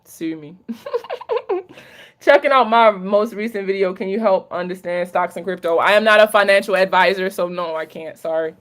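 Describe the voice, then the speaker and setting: A woman with a Maryland accent hosts a casual late-night livestream Q&A as a credit coach. She talks in a candid, chatty way, swearing freely and mixing in slang. Her voice sits at a middling pitch. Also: a little fast, hardly any pauses. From Maryland, USA. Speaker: credit coach hosting a live Q&A.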